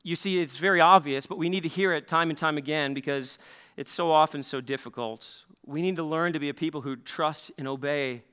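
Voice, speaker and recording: A man preaching an earnest sermon in church, pressing his points with repeated words and quick restarts. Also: on the high side, fairly bright tone, clean tone. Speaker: pastor. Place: church sanctuary.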